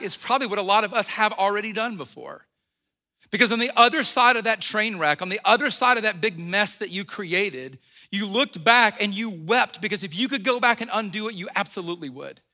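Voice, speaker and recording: Pastor preaching a sermon in a chatty storytelling way. Man with a high, piercing voice. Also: bright, forceful tone, in a large hall. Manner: conversational storytelling, acts out quotes, frequent restarts.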